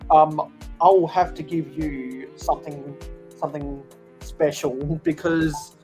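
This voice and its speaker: A man's voice: on the high side, steady tone, slow pace, darkish tone, soft background music. A man hosting a casual livestream, agreeable and repeating himself as he talks. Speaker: livestream host.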